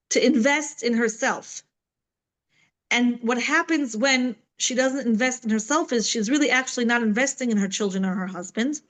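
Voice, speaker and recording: A middle-aged woman teaches a Torah class online from home in a chatty, conversational way, packed with fillers and "right?" asides. Her voice is on the high side, and the recording sounds rough.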